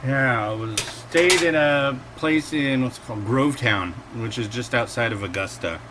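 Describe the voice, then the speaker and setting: A man in his forties hosts a casual vlog reviewing instant noodles and cooking, talking in a mid-range voice at a moderate pace over background noise. He rambles and digresses from topic to topic, acting out quotes as he goes.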